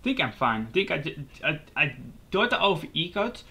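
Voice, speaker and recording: A man giving casual live commentary over his own gameplay, excitable and quick to swear and laugh at his plays. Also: on the high side. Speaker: gaming YouTuber.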